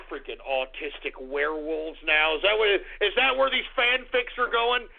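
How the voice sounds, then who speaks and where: Cranky male radio host with a shrill, gravelly voice, yells through a tinny phone-like line. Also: steady tone, moderate pace, heavy background noise. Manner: irritable, yelling outbursts. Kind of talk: call-in radio commentary.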